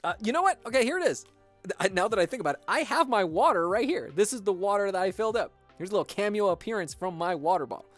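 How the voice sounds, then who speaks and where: Talking fast in an expressive mid-range voice, an American streamer builds on a livestream with soft music playing. The casual chat wanders and swears, heavy with fillers.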